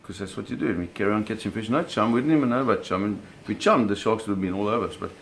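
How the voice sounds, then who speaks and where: A middle-aged man casually telling a story, animated, with sound effects and acted quotes. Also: lowish voice, rapid-fire, vocal fry, slight background noise. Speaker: storyteller recounting a fishing trip.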